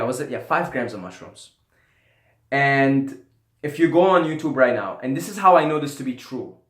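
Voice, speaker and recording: A man holds forth on spiritual love in a loose, profane, storytelling way, often sinking to a soft, low murmur. His voice sits at a middling pitch. The room around him rings with a noticeable echo. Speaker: YouTuber. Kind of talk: casual spiritual monologue to camera. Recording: roomy echo.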